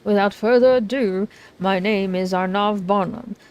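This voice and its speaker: A woman's voice: medium pitch, measured pace, smooth, close to an everyday voice. Woman doing a pompous showy male author. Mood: grandiose. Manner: theatrical, pompous, loud declaiming. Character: flamboyant grandiose male fantasy author.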